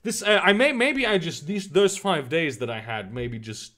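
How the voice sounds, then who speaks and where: A man's voice: on the high side, expressive, normal speed, a bit bright. A man streaming live, rambling and swearing in exasperation as he reads the news and answers chat. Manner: rambling, profane, exasperated, with frequent restarts. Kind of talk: casual live-stream commentary.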